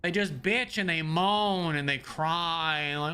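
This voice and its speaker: High, bright-voiced ranting male streamer. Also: clear, resonant tone. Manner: fast, profane, ranting, stammering restarts. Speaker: game streamer. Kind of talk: profane live-stream rant.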